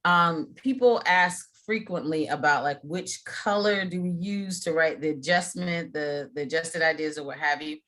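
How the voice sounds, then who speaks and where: Brief: middle-aged woman trainer, bright tone, lowish voice, chatty with restarts, video call. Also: moderate pace, hardly any pauses. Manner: chatty, frequent fillers and restarts. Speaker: mediation trainer. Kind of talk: casual training talk.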